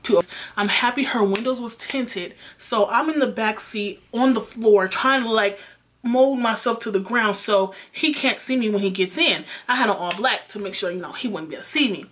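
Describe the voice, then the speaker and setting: A young woman vlogger retelling a personal story in an animated, emphatic way, swearing often. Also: fairly high pitch, normal speed. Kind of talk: storytime vlog.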